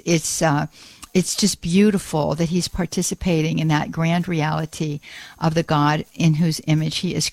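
A woman hosting a Catholic call-in radio show, warmly effusive and fond of repeating words like "beautiful". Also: low-pitched, vocal fry, no echo.

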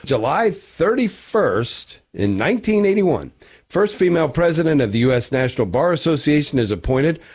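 Husky man with lively pitch. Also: normal speed. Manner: joking, wry asides; reads segments with stumbles. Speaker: radio co-host. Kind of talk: casual morning radio chat.

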